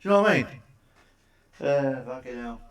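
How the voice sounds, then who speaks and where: A man's voice: medium pitch, expressive, normal speed, recorded from a distance. Swearing man telling crude jokes. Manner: swearing, chatty, asks the listener for agreement. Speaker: stand-up comedian. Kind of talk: crude stand-up one-liners.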